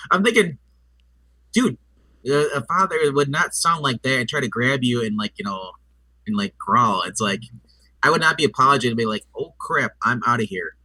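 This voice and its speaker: A man co-hosting a casual movie review, talking in a halting, stammering way and acting out scenes as he retells them. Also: mid-range voice, lively intonation, sharp tone, no echo, recorded from a distance, rough recording.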